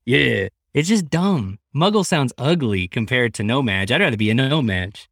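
Man, mid-pitched voice, dry close sound, jokey podcast banter. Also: sing-song, no room sound. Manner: joking, quick retorts. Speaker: podcast co-host. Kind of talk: casual movie review chat.

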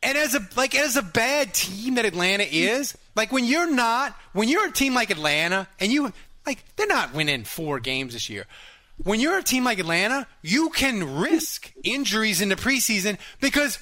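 Fan show host, man, lively high voice, bright tone, animated. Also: normal speed. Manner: excitable, animated, laughs often. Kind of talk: casual sports chat.

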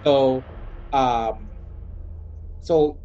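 Mellow-voiced man running a tabletop game. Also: medium pitch, fairly even intonation, drawn-out words. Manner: hesitant, many ums. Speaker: game master. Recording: dull lo-fi sound with faint music.

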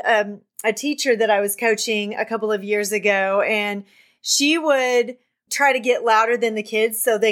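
Excited midlife lady podcaster, bright highish voice, pumped up and preachy. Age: middle-aged. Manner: enthusiastic, faith-filled pep talk. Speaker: podcast host.

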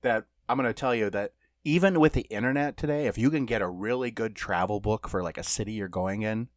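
A man's voice: fairly low pitch, a little fast, no room sound, studio quality. A man co-hosting a podcast in casual chat, telling stories in a rambling way full of fillers. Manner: rambling, filler-heavy storytelling. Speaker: podcast co-host.

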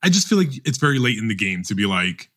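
Podcast co-host, male, bright tone, halting and chatty, lots of restarts. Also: on the low side, very animated. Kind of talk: casual chat about awards season.

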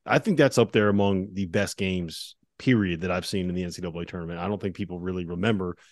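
A male podcast host with a low voice leads a casual sports interview and recalls game details knowledgeably. His voice sounds dry and close, with no room around it. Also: quick pace, no room sound.

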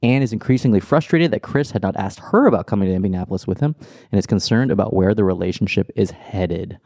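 A man's voice: mid-range voice, a little mellow, no echo, clean studio sound. A man hosting a podcast, talking casually and often chuckling as he rambles. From Los Angeles. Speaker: podcast host. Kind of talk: casual chat.

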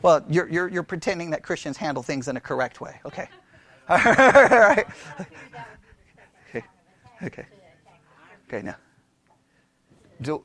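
A man's voice: a little high, a bit bright, no echo. A man lecturing a Bible class in a conversational way, quizzing his listeners and repeating key phrases.

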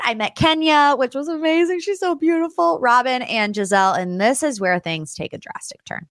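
Animated young woman podcast host. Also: no room sound, clean studio sound. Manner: animated, acts out quotes in high excited voices. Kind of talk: casual storytelling recap.

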